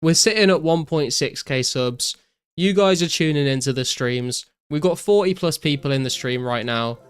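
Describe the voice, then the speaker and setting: A young British man live-streaming a game, casually chatting and excitedly thanking viewers, swearing often. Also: a little high, moderate pace, clear, resonant tone. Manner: excitable, swears a lot, thanks donors profusely.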